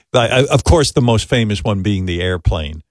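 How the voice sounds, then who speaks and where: A man's voice: lowish voice, animated, normal speed, no room sound, clean studio sound. A man hosting a podcast in casual chat, teasing his guests and laughing often. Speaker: podcast host. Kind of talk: casual chat, retelling a story.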